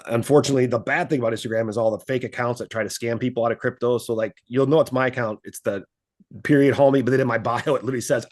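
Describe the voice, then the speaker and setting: A man guest on a business interview, talking casually and animatedly about money, often acting out the voices of the people in his stories. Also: mid-range voice. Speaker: guest, finance coach.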